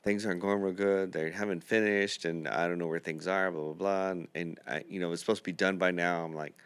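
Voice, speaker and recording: A man's voice: low-pitched, fairly even intonation, fairly quick, a bit bright, clear, resonant tone, no echo. A man hosting a podcast, telling a long rambling anecdote full of quoted dialogue in a casual chat. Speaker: podcast host, dental builder.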